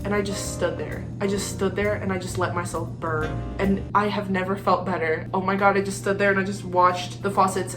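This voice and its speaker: A young woman telling a storytime vlog in an animated, exasperated way, laughing often between lines. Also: on the low side. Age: young adult. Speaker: vlogger.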